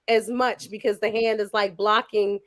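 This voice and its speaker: A woman's voice: medium pitch, little pitch movement, normal speed, no echo, clean studio sound. A woman hosting a casual podcast chat, playful and teasing, often laughing as she questions her guests. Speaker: podcast host.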